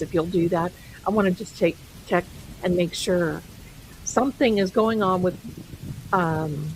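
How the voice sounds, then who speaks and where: A woman's voice: lowish voice, slight background noise, rough recording. A woman hosting a live stream, chatting casually and rambling, amused by her own jokes and calling viewers her darlings. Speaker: livestream host.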